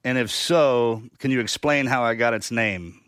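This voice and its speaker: A man's voice: medium pitch, moderate pace, a bit bright, dry recording, studio quality. A man hosting a podcast, a military veteran, telling stories in a loose, casual way. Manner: loose, swearing storyteller. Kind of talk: casual chat.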